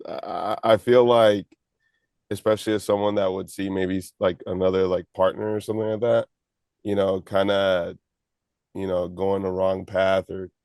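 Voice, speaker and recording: A man's voice: fairly low pitch, a little mellow, dry recording, studio quality. A man co-hosting a podcast in casual chat, hesitant and searching for words. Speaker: podcast co-host.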